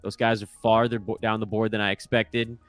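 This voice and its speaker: A man's voice: fairly low pitch, little pitch movement, brisk, fairly bright tone, no echo, soft background music. A man in his thirties hosting casual commentary into a microphone, offhand and self-deprecating. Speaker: host.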